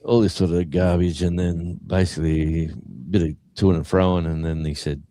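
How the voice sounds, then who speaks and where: A man's voice: very deep voice, moderate pace. An Australian man, a guest musician, telling a story in casual chat and acting out what people said. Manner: animated storyteller acting out quotes.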